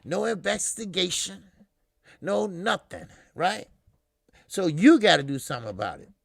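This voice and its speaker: A man's voice: sits high, expressive, a little slow, vocal fry, fairly bright tone, no echo, studio quality. A middle-aged man hosting a casual boxing live stream, talking loosely with lots of swearing and fillers, answering viewers in the chat.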